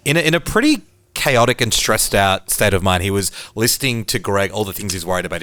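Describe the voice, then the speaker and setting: A man's voice: sits low, a bit bright, dry recording. An Australian man hosting a casual podcast discussion, leading the talk and putting questions to his co-hosts. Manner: leads the discussion, asks questions. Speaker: podcast host.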